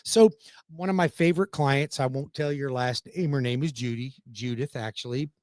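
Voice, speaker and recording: A man in the middle pitch range hosts a radio show and walks listeners through a client's story with persuasive energy. His voice jumps up in pitch and loudness whenever he stresses a point. The studio sound is dry and close. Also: moderate pace, dry recording. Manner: animated, swinging pitch and loudness for emphasis. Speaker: radio show host and mortgage lender.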